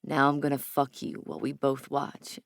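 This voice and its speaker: A woman narrator voicing an adult man as a lover, speaking low, slow and murmured. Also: monotone, dry recording, studio quality. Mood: intimate.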